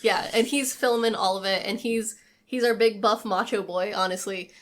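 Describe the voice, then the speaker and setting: A woman co-hosting a podcast casually recaps a horror film, chatting as she tells the story and acting out the characters' lines. Her medium-pitched voice is a bit bright, with fairly even intonation and a moderate pace.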